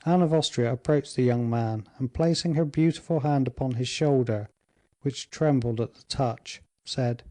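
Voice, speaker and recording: A man reading a classic novel aloud in measured, even audiobook narration. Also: medium pitch.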